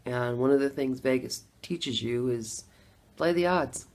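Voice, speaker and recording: A woman's voice: extremely low pitch, measured pace, a little mellow. A middle-aged woman telling a personal story in a casual, conversational way. She laughs often and acts out her own reactions. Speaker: former Democrat voter telling her story.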